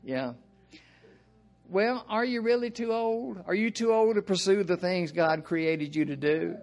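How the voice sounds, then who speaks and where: An older man with a Southern American accent, preaching an informal sermon in a folksy, rambling way with frequent asides and throat clearing. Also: sits high, measured pace, a little mellow, highs cut off.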